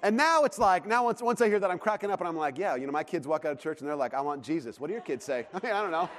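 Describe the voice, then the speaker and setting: A fairly high-voiced pastor in his thirties tells a family story from the pulpit, jumping into shrill shouts when he plays his son. His voice trails off into a long church reverb. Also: racing, a little hiss or hum. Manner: animated storytelling, acts out child's shouts. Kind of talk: sermon with personal story. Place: church sanctuary.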